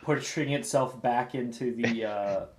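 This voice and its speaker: A man serving as game master, explaining rules in a relaxed, instructive way. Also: mid-range voice, unhurried. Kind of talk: running a tabletop game.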